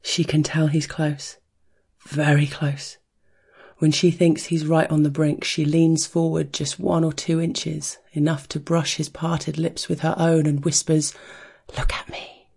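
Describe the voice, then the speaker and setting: A narrator reading an erotic story in a soft, hushed way, chanting a steady heartbeat rhythm. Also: medium pitch, measured pace, gravelly, breathy edge.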